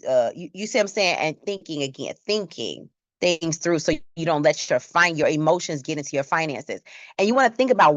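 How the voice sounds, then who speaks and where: A woman's voice: deep voice, big pitch swings, a little fast, dry recording. A woman teaching a church Bible class in a conversational way, asking the class questions.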